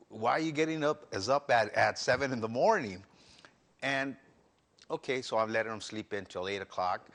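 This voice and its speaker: A man with a mid-range, slightly bright voice appears as a guest on a faith talk show, candidly giving his personal testimony in an interview and earnestly restarting his sentences.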